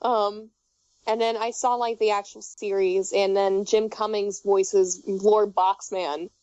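A woman's voice: mid-range voice, little pitch movement, slow, darkish tone, dry recording. Young woman, casual chat, giggly, rambling, dry, dull audio. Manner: rambling, giggly storytelling with many fillers.

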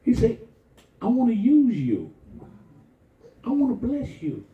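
A man preaching a lively, folksy sermon with call-and-response and shouts to the congregation. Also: very high-pitched, measured pace. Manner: folksy, conversational, acts out quoted voices. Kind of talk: lively Palm Sunday sermon. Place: church sanctuary. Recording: echoey church heard from far off over a tinny line.

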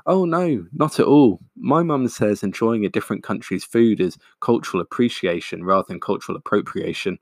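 A man's voice: fairly low pitch, moderate pace, few pauses, dry recording, studio quality. A man voicing a nervous young man who talks in a casual, jokey way.

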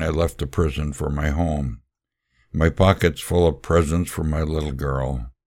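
Very deep, gravelly male storyteller. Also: a little mellow, dry recording, studio quality. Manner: earnest, unhurried, with occasional fillers. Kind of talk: first-person story reading with sermon-like asides.

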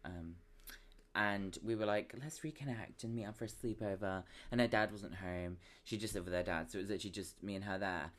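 A young man, co-hosting a podcast and telling a story in a casual, animated way, laughing often and acting out the voices of the people in it. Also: on the low side, brisk. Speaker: podcast co-host.

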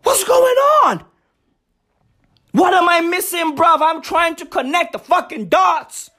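A man, ranting loudly and mockingly, swearing and laughing as he talks. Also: very high-pitched, expressive, a little slow, vocal fry. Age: 20s. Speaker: comedic ranter. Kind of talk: profane comedic rant. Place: outdoors in a lively neighborhood.

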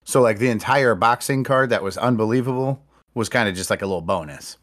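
A man in casual podcast chat, telling stories in an animated, profane way. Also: medium pitch, brisk.

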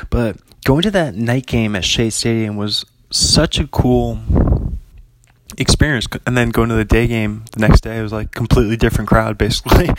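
A man's voice: on the low side, dry recording. A young man chatting casually as a podcast host, rambling with lots of fillers and frequent laughs. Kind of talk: casual chat.

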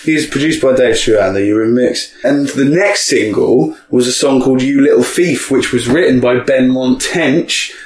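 A man's voice: medium pitch, normal speed, hardly any pauses, slight background noise. Male co-host, casual music chat, trivia with jokey asides, roomy sound. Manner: chatty, reads out song trivia with jokey asides. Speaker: podcast co-host.

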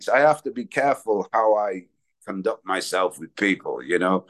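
A man's voice: low-pitched, animated, moderate pace, a bit bright. A man speaking candidly and in a rambling way at a recovery meeting, sharing his own story. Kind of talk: personal recovery share.

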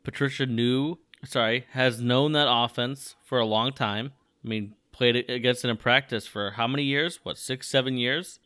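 A man co-hosting a casual sports chat, talking excitedly and restarting his sentences often. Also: medium pitch, normal speed, few pauses, clear, resonant tone. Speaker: podcast co-host.

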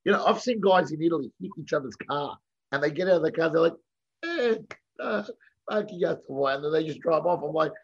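A man telling lively anecdotes in a casual chat, acting out what people said and swearing freely. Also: on the high side, quick pace, breathy edge. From Australia. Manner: animated anecdotes with voiced quotes, swearing freely. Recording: dull lo-fi recording.

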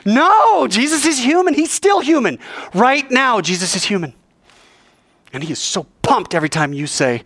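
Animated man giving a playful sermon. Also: very high-pitched, normal speed, no echo. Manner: animated, playful, acts out scenes. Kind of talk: casual sermon.

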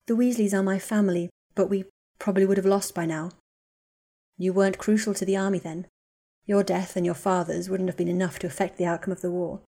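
A woman's voice: mid-range voice, level tone, a little fast, dark tone, lightly acted. A woman reading the lines of an anxious, determined young witch in a storybook, earnest and questioning.

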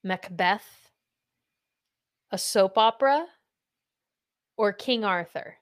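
A woman in her thirties hosts a casual podcast chat, quizzing her guest in a chatty, playful way. Her pitch sits mid-range for a woman but leaps up and down, and she speaks at a slow pace.

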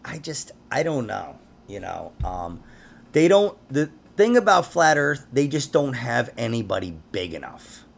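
A man's voice: medium pitch, big pitch swings, unhurried, creaky. A man hosting a conspiracy podcast, chatting casually in a rambling way and laughing often. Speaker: podcast host.

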